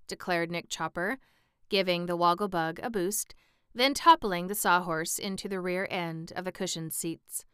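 Woman narrator, audiobook reading, crisp and bright, dry close mic. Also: on the low side, moderate pace, dry recording.

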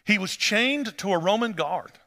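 A pastor preaches in a large church hall, his slightly high, bright voice ringing out with a long reverb. He moves from easy, conversational storytelling to animated emphasis. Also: moderate pace. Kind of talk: sermon.

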